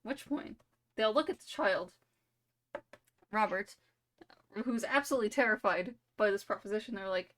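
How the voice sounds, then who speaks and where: A woman's voice: medium pitch, normal speed, long pauses, fairly bright tone. A woman streamer telling a silly made-up story during a live game, rambling and playful, full of "like" and "you know".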